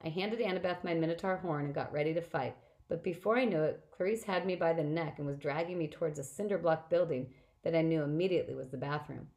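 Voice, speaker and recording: Low-voiced woman reading a novel. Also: quick pace, low-quality recording. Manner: plain, steady storytelling with small slips. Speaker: audiobook reader. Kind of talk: first-person novel narration.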